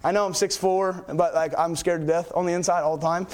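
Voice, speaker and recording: A young man preaching a sermon in a church, telling stories in an excitable, rambling way with many fillers. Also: sits high, fairly quick, a little hiss or hum.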